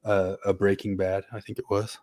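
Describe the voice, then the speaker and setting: A man's voice: low voice, flat delivery, moderate pace, dark tone. A man hosting a casual podcast chat, rambling and hedging with lots of fillers. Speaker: podcast host.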